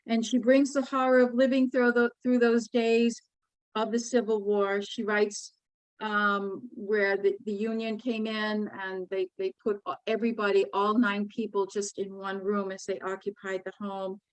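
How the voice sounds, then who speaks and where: Woman poet presenting her book, earnest and moved, slightly high pitch, dry sound. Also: no echo, poor audio. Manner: earnest, measured, emotionally moved. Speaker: poet and author. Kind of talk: book talk with poetry reading.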